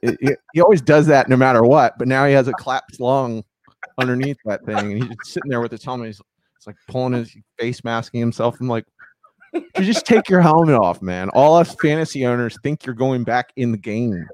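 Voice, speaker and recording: A man's voice: mid-range voice, fairly even intonation, brisk, darkish tone, dry recording. A man co-hosting a podcast, bantering in a laid-back, joking way in casual chat. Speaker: podcast co-host.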